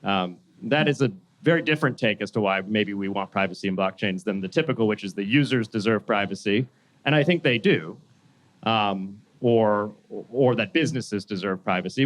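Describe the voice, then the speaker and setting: A man speaking as a panelist in a discussion, making deliberate, argued points with occasional restarts. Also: on the low side.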